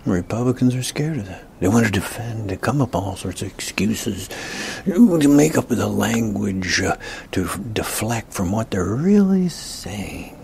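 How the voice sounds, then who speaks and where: A man giving a ranting political commentary, emphatic, often dropping into breathy whispered asides. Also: on the low side, sing-song, measured pace, darkish tone, slight background noise.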